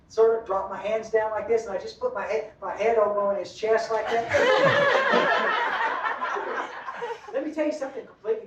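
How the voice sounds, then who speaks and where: A man's voice: high-pitched, heavy background noise. A middle-aged man with a drawl tells a rambling, folksy story at a recovery meeting and often laughs at himself. His voice carries through a roomy hall and is picked up from a distance. The sound is a little dull and muffled.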